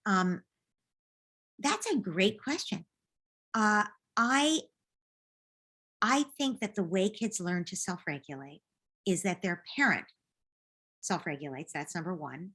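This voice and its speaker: A woman who is a parenting coach, giving gentle, reassuring advice in a live group question session over a video call. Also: on the low side.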